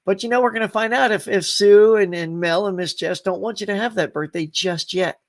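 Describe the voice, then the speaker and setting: A man's voice: high-pitched, a little fast. A man hosting a live stream, chatting casually, laughing often and greeting viewers by name as he reads their comments. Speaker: host of a live stream show.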